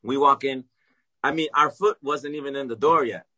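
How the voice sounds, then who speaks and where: A man telling a long story in casual chat, animated and swearing freely. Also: medium pitch, normal speed. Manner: animated, swears freely, acts out quoted dialogue.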